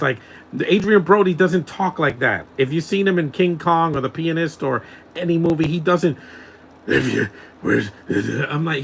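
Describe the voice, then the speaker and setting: A man's voice: on the high side, a bit bright, a little hiss or hum, low-quality recording. A man giving casual live commentary over a film, mocking it and chuckling often.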